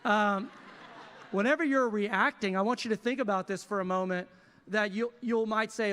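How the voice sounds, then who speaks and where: A man pastor preaching a sermon in a lively, conversational way with casual asides. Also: high voice, normal speed, clear, resonant tone. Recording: reverberant church hall.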